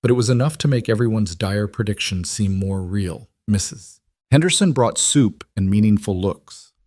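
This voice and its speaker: A man narrating a story in a steady, measured reading. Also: lowish voice, no echo, studio quality.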